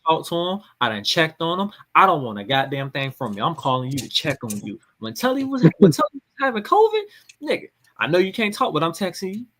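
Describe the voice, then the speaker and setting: Husky guy preaching on a podcast, voice jumps all over. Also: on the high side, huge pitch swings, brisk, fairly bright tone. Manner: preachy, emphatic, swears freely. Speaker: podcast host. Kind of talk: casual podcast chat.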